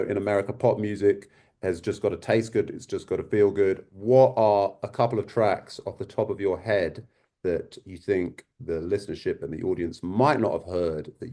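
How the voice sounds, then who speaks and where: A man's voice: low voice, fairly even intonation, moderate pace, dark tone. A man hosting a podcast interview who asks his questions hesitantly, with stumbling restarts. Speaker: podcast host. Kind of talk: casual interview.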